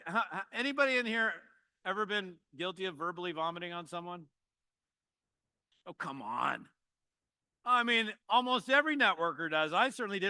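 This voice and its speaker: A man in his fifties who trains network marketers, giving a motivational talk to an audience with joking, animated storytelling. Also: high-pitched, clear, resonant tone, no room sound.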